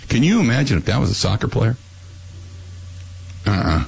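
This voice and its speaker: A man's voice: on the low side, lively intonation, fairly quick, creaky, husky, poor audio. A man hosting a call-in talk radio show, rambling bluntly with frequent restarts.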